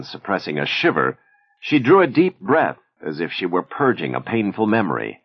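A man narrating a novel in an expressive storytelling manner. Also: deep voice, husky, no echo. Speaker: audiobook narrator. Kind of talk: scripted narration. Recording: dull lo-fi recording.

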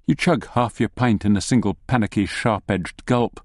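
A man narrating a story in the second person, with a measured, wry delivery. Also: lowish voice, dry recording, clean studio sound.

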